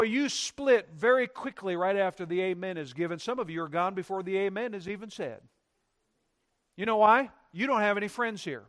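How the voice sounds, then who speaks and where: Male pastor, high voice, emphatic sermon delivery in a church. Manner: emphatic preaching with sweeping loud and soft swings.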